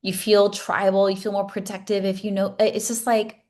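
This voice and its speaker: A woman's voice: mid-range voice, level tone, moderate pace, a little mellow. A woman in her thirties, a coach telling a personal story to her class, earnest and emotional, with many restarts. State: tearful at times. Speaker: coach leading a masterclass.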